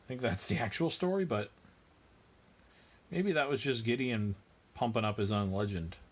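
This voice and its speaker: A man's voice: mid-range voice, normal speed. A man hosting a miniature painting livestream, chatting casually as he works and answering viewers with dry, self-mocking humor.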